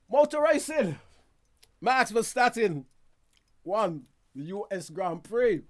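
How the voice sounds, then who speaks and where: A man hosts a relaxed news roundup from a studio. His voice sits high and swings widely in pitch. He talks to viewers like friends, drifting into chatty asides and laughing at himself. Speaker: news show host.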